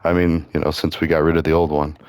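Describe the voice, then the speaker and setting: Deep-voiced man rambling over gameplay. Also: level tone, quick pace, a little mellow, clear, resonant tone, dry recording, clean studio sound. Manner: rambling, loose, full of "like" and asides. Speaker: gaming channel host. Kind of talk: casual gameplay commentary.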